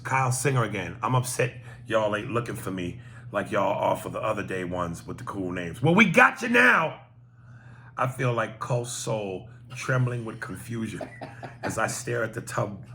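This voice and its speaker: Man, podcast host, reading emails aloud, profane and joking, lowish pitch, bright forceful tone. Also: slight background noise.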